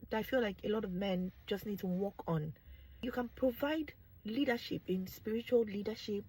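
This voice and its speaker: Animated Nigerian woman, husky voice. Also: mid-range voice, poor audio. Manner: animated, exclaims and laughs, drops into pidgin. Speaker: vlogger. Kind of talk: candid talk to camera.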